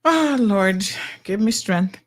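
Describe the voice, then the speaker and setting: A woman's voice: medium pitch, lively intonation, takes it slowly. A middle-aged woman hosting a talk show, blunt and sassy as she reacts to viewer comments.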